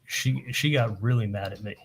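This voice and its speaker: Halting deep-voiced man testifying. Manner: halting, repeats words, retells dialogue with "I'm like". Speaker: trial witness testifying. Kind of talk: courtroom testimony.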